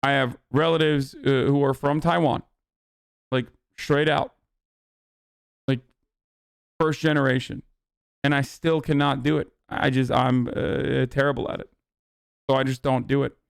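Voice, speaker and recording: A man's voice: medium pitch, level tone, a little slow, vocal fry, long pauses, clear, resonant tone, no room sound, studio quality. A man reacting to clips on a live stream, with brash, profane, joking commentary.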